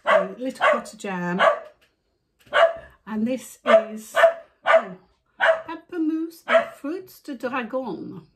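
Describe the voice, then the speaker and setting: A middle-aged woman chatting casually at home as a crafting vlogger, gushing over her finds and breaking off to hush her dog. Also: fairly high pitch, very animated, slow pace, pauses often. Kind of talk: casual chat. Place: at home in a living room. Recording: noisy home recording with dog sounds. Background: a dog barking and moving about.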